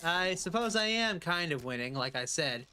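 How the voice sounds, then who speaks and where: A man's voice: on the high side, expressive, normal speed, sharp tone, a little hiss or hum. A man casually chatting through a live-streamed game, rambling and dropping playful pirate asides.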